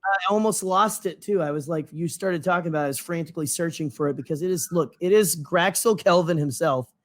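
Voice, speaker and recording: High-voiced rambling man chatting. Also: brisk. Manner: rambling, goes off on tangents with many fillers. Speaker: podcast co-host. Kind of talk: casual chat.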